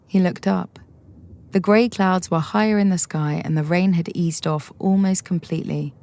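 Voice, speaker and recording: Woman narrator, steady storytelling, warm and somewhat low voice. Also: moderate pace. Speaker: audiobook reader.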